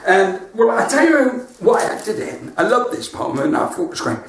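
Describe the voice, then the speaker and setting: A man's voice: high voice, very animated, normal speed, echoey room, distant mic, slight background noise. A man with a West Country accent doing chatty stand-up comedy from his front room, laughing at his own jokes. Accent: West Country English. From West Country of England. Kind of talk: live-streamed stand-up comedy chat.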